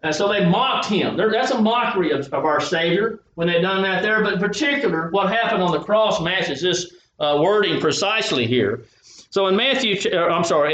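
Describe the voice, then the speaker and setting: Preacher with a high voice, echoey room. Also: male voice, a bit bright. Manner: reads scripture aloud, then explains it, with frequent restarts. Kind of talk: sermon with scripture reading. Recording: echoey, slightly dull room sound.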